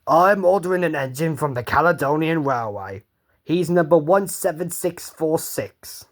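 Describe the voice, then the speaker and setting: A man's voice: a little high, animated, moderate pace. A man voicing a flustered stout male railway boss who blusters out stern orders. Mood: decisive.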